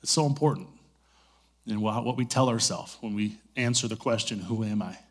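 A man's voice: lowish voice, moderate pace. A middle-aged man giving a sermon in a conversational, storytelling way, full of asides. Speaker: pastor.

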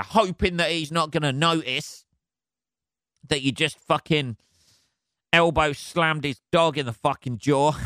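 Bright, crisp-voiced sweary man. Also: a little high, no room sound, studio quality. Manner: sweary, animated, laughs a lot. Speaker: podcast host. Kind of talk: solo comedic rant.

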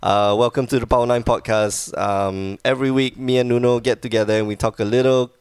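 A man's voice: mid-range voice, fairly even intonation, a little fast, darkish tone, clear, resonant tone, no echo. A man hosting a podcast in casual chat, rambling and laughing easily, with a wheezy cough. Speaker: podcast host.

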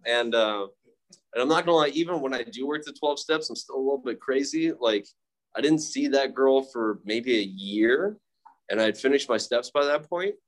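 A man's voice: medium pitch, animated, normal speed. A young man, telling his own story at a recovery meeting in a candid, profane, self-mocking way, with many fillers. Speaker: speaker sharing at a recovery meeting. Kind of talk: casual personal storytelling.

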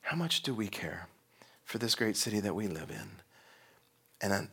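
A man preaching with a husky, breathy edge to his voice. He delivers the sermon with real emotion, letting his voice rise for emphasis and then sink almost to a whisper. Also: lowish voice, animated, moderate pace. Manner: emotional, swinging between loud and hushed. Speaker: pastor.

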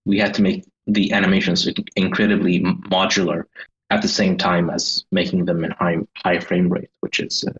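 Swedish guy, super deep voice, kinda hesitant, lo-fi muffled sound. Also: level tone, normal speed, fairly bright tone. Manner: hesitant, searching for words. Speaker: guest game designer. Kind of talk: casual interview chat.

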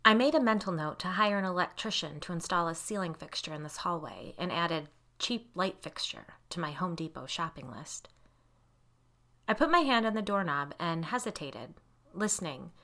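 Woman, audiobook narrator, first-person novel, measured, low pitch, bright forceful tone. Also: lively intonation.

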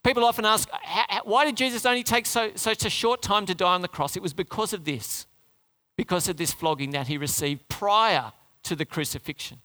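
A man preaching a sermon, retelling a story with rhetorical questions and dramatic drops into a low, quiet voice. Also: a little fast.

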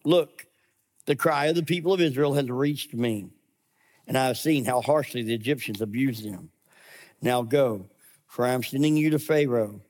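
A male pastor voicing God speaking to Moses during a scripture reading, slow and solemn. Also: medium pitch, a little mellow, pitched below the performer's own voice, lightly acted.

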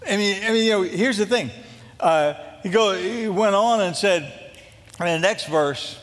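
A man preaching a sermon as a pastor, telling a Bible story in a lively, joking way and acting out what the characters say. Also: high-pitched, unhurried, long reverb tail. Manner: animated, jokey storytelling that acts out scripture quotes.

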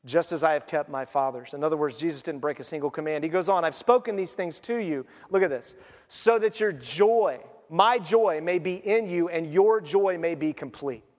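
Male pastor, bright high voice, earnest conversational sermon, long hall reverb. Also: moderate pace. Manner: earnest, conversational preaching with quoted asides.

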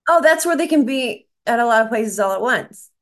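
A woman's voice: a little high, expressive, fairly quick. A woman talking as a psychic medium in casual chat, rambling and restarting as she relays what she is shown.

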